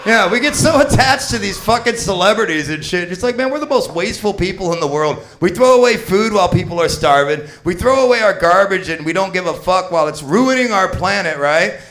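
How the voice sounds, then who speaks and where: A fifty-year-old man performing a crude, rambling stand-up set on a comedy club stage, shouting his punchlines. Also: sits high. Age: 50s.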